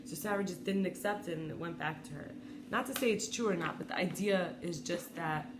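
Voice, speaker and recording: Low-ish soft woman voice, halting and confessional, roomy echo with a little background hiss. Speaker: wellness vlogger. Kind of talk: reflective personal talk and letter reading. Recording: echoey room with faint ambient noise.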